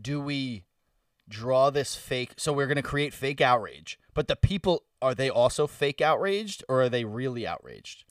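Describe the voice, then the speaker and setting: A man's voice: medium pitch, animated, normal speed, no room sound, clean studio sound, recorded from a distance. A young man co-hosting a casual podcast chat who plays along with the jokes and often laughs. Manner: playful, laughing, riffing on jokes. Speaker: podcast co-host.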